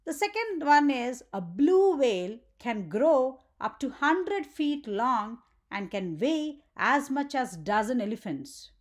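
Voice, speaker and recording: A woman's voice: high-pitched, big pitch swings, slow, few pauses. A woman teaching a grammar lesson for children, often checking in with "right?" and asking the viewer questions.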